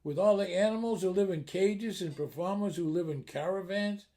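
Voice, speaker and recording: A man voicing a deadpan talking male duck who works as a plasterer, speaking in a dry, matter-of-fact way. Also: high-pitched, normal speed, close to an everyday voice. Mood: puzzled.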